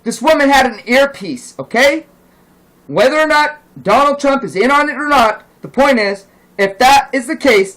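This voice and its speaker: Guy w a really high bright voice going off on a cussing angry rant. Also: rough recording. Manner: heated, profane, indignant. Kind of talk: angry ranting monologue.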